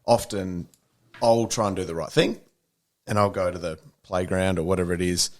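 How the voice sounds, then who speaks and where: Man, thirties, casual storyteller, slightly low voice, banter. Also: moderate pace. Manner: animated anecdote teller, mate-ish banter. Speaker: podcast co-host.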